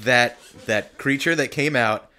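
A man in a casual chat, excitable and gushing, fumbling for words when he gets carried away. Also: mid-range voice, unhurried.

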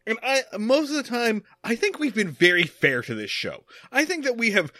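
A man's voice: very high voice, big pitch swings, moderate pace, sharp tone, no echo, clean studio sound. A man co-hosting a podcast, ranting in heated, profane casual chat about a TV episode. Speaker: podcast co-host.

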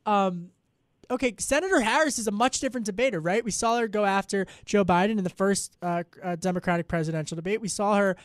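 A male news anchor with a high voice sets the scene and chats with his panel, loose and self-deprecating, often restarting his sentences. The sound is close and dry, with no room around it. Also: quick pace, dry recording. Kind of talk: live news commentary.

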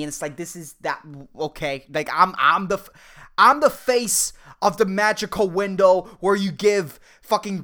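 A man's voice: high voice, a bit bright. A young man, hosting a solo podcast and ranting angrily with lots of swearing. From Puerto Rico. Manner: angry, profane, ranting. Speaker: podcast host.

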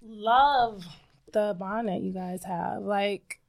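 A woman's voice: mid-range voice, slow, vocal fry. A woman hosting a podcast in casual chat, playful and bubbly, laughing often. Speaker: podcast host.

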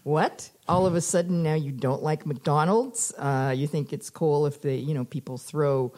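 An older woman, a grandmother, chatting casually with her adult son about his teenage years, rambling with many fillers and soft laughs. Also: low voice, fairly even intonation, normal speed. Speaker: interviewee, mother of the host. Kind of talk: casual conversation.

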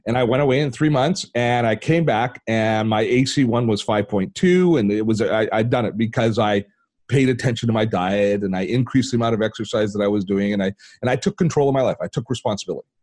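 An older man from Canada, a tech channel host telling a personal story as an interview guest, acting out the voices in his anecdotes. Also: brisk. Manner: animated storyteller, acts out quoted dialogue with big pitch jumps.

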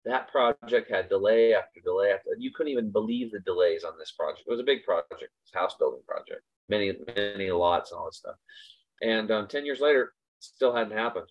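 A man's voice: on the low side, brisk. A man hosting a casual motivational talk, speaking emphatically and repeating his points for stress. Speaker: host. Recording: slightly dull lo-fi recording.

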